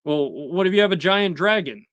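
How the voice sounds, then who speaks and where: A man's voice: sits high, lively intonation, normal speed, a bit bright, no echo, lo-fi sound. A young man hosting a casual live-stream, talking animatedly with laughs and acting out characters' lines. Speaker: host.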